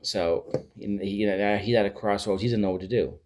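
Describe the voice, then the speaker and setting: Deep-voiced man rambling through a TV recap. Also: fairly quick, a little hiss or hum. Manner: rambling, animated, searching for words. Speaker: pop culture vlogger. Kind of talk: casual TV show recap.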